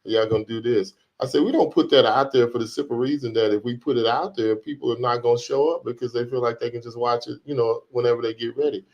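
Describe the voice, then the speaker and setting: Hoarse man, casual podcast banter. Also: medium pitch, fairly even intonation, darkish tone, lo-fi sound. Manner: laughs often, emphatic, drawn-out exclamations. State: hoarse from a flu. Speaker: podcast co-host, DJ. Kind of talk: casual chat.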